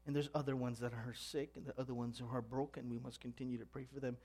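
A man preaching a sermon as pastor, earnest and animated, asking the congregation for amens. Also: mid-range voice, fast. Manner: earnest, asks the congregation "Amen?"; storytelling with animated voices.

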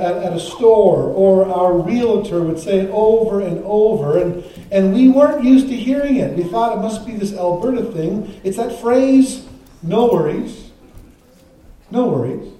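A man's voice: sits high, dark tone. A male pastor praying and then preaching a sermon in a conversational way, with frequent restarts and asides. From Canada. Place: church sanctuary. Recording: very echoey church from a distance.

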